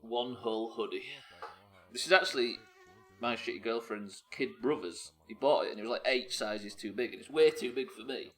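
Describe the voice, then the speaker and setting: Here a man speaks at normal speed in a mid-range voice with a fairly bright tone. It's relaxed live-stream game commentary, full of swearing and jokes as he talks himself through each play.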